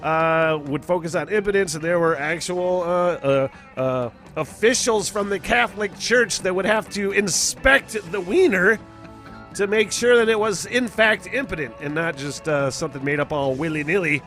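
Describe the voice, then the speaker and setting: A male radio host talks in loose, rambling banter, dropping "uh" between thoughts. His voice sits a touch high for a man, with soft music faintly underneath. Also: normal speed. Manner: rambling, laughs easily, many "uh" fillers.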